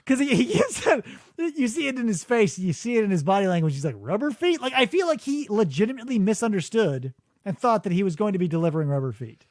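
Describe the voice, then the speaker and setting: Lively high-voiced man riffing. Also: quick pace, no echo, studio quality. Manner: animated, mocking impressions. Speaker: podcast host. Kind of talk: casual comedic chat. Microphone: studio mic.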